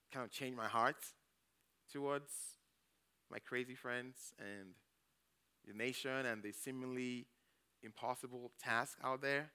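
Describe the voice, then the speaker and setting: A man's voice: mid-range voice, bright, forceful tone, clean tone. A man preaching as a church elder, retelling a Bible story in a chatty way and often checking in with his listeners. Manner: chatty, checks in with "okay?" and "you know". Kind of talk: conversational sermon with Bible retelling.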